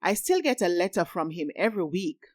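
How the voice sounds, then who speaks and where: A woman's voice: lowish voice, sing-song, fairly quick, no room sound, clean studio sound. A woman reading the part of a young woman who is a teasing, sarcastic best friend. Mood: shy. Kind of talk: audiobook reading.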